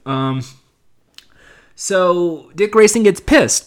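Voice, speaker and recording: A man's voice: mid-range voice, expressive, measured pace. A man casually recapping a TV episode, rambling with sarcastic asides. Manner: rambling, with many fillers and restarts. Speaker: show reviewer.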